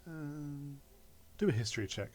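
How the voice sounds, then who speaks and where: A man narrating as game master of a tabletop game, halting with many fillers. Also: fairly high pitch, expressive, slight background noise.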